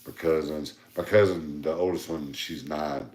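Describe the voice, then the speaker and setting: A man's voice: extremely low pitch, steady tone, unhurried, a little mellow, echoey room. A man, co-hosting a podcast in a laid-back, joking casual chat. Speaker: podcast co-host.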